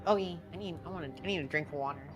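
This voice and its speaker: A woman's voice: fairly low pitch, rapid-fire, music in the background. A woman co-streaming a game, casually chatting and mock-scolding the chat with playful swearing. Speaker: co-op streaming guest.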